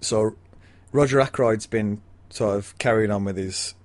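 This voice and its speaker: A man's voice: fairly low pitch, measured pace, darkish tone, dry recording. A man co-hosting a casual book chat, rambling with bawdy, giggly storytelling. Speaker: podcast co-host. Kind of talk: casual chat about a mystery novel.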